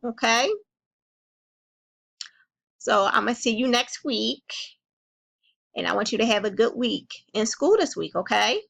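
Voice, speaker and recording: A woman playing a calm, caring counselor who gently comforts and reassures a young child in a role-played session. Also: a little high, unhurried, gravelly, pauses often, full character voice. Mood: soothing.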